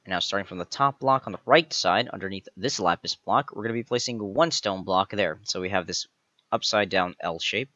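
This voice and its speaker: A man narrates a building tutorial step by step, counting out each block he places. His voice sits a little low but sounds bright and forceful. The recording is dry and slightly dull, like a modest home setup. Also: a little fast, no room sound. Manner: methodical, counts blocks aloud one by one. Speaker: tutorial host. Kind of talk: step-by-step game tutorial voice-over.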